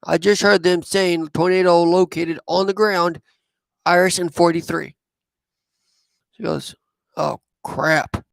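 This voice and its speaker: A man, telling a personal story in a rambling, halting way. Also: high voice, steady tone, vocal fry, no echo. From southwest Missouri. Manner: rambling, halting, with many fillers. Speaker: vlogger.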